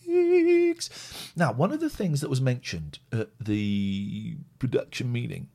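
A man's voice: mid-range voice, sing-song, takes it slowly, creaky, mellow. A man from the United Kingdom hosting a live stream show in casual, rambling, blunt chat. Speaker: show host.

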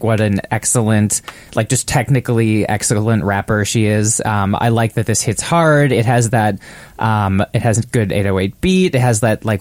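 A man's voice: fairly low pitch, a little mellow, dry recording. A man hosting a music podcast, talking casually and animatedly about songs. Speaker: podcast host. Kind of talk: casual chat.

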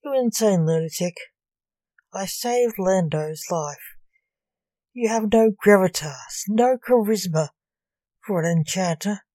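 A woman reading as a slow-spoken masked male necromancer. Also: medium pitch, mellow, no echo. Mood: menacing.

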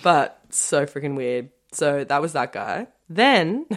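A young woman with a notably low voice co-hosts a casual podcast. She tells stories in a chatty, animated way, with lots of "like" and tangents along the way. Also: slow. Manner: chatty, animated storyteller, full of "like". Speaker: podcast co-host. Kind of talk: casual chat.

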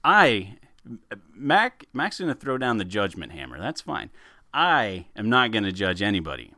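A man co-hosting a podcast in casual chat, animated and laughing, often repeating words as he starts a sentence. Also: lowish voice, moderate pace, no echo, studio quality. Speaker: podcast co-host.

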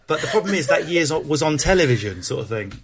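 A man's voice: a little high, quick pace, a little hiss or hum. Frank, swearing Cockney man. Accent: London Cockney. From England. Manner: frank, animated, swears freely, lots of restarts. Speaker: stand-up comedian, guest. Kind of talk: candid interview chat.

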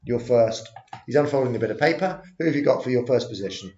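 Chatty host in a roomy room. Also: male voice, mid-range voice, expressive, quick pace, mellow. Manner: chatty, runs the show, jumps between topics. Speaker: podcast host. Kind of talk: casual chat. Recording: roomy, dull lo-fi recording.

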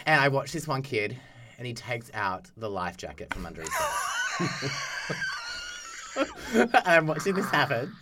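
A man's voice: medium pitch, wildly swooping pitch, unhurried, pauses often, shouting, heavy background noise. A young man on a podcast, telling a travel story in an exasperated, profane rant and acting out the people in it. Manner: profane, exasperated, acts out quotes. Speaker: podcast co-host. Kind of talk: casual ranting storytelling.

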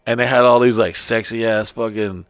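A man chats on a podcast in a loose, foul-mouthed way, slipping into put-on voices as he tells his stories. His voice sits at an ordinary pitch. The recording is dry and close, with no room sound. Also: normal speed, clean tone, no room sound. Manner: profane, animated storytelling with put-on voices. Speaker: podcast co-host. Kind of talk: casual chat.

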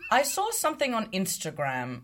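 A woman's voice: mid-range voice, wildly swooping pitch, moderate pace, slight background noise. A woman co-hosting a podcast in casual chat, playful and giggly, now and then slipping into a mock British accent. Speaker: podcast co-host.

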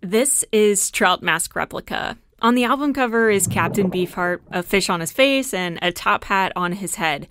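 A woman reading scripted narration in an earnest, measured way, as if the words came from her own mind. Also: medium pitch, animated, a bit bright, soft background music. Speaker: video narrator. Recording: noisy played-back video clip.

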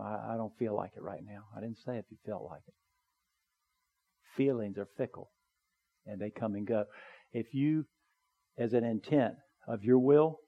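A man preaching a sermon in a church, earnest and conversational, building to emphatic pleas and dropping to soft, quiet appeals. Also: on the low side, phone-quality sound. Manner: conversational with small asides. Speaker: pastor. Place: church sanctuary, also live streamed.

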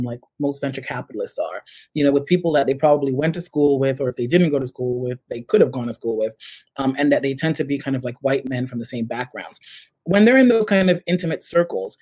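Fast-talking New York man, animated storyteller. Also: mid-range voice, no echo, poor audio. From United States. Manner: animated storyteller, acts out quoted voices. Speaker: startup CEO, guest. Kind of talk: casual interview conversation.

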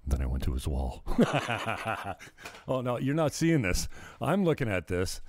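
A man's voice: on the low side, wildly swooping pitch, a little slow. A man hosting his own livestream, ranting in a casual, profane, rambling way, often getting sidetracked and laughing at himself. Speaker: livestream host.

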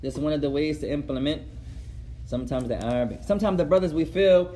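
A man's voice: on the high side, fast, dark tone, a little hiss or hum. A male teacher giving a classroom lesson, switching between Arabic and English and repeating words for the class. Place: classroom with students.

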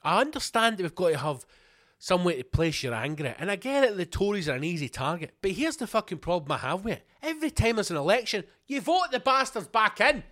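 A man's voice: high voice, very animated, fast talker, a bit bright, no echo, studio quality. A Scottish man hosting a podcast, ranting angrily with heavy swearing and repeated rhetorical questions. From Scotland. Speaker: podcast host. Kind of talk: ranting monologue.

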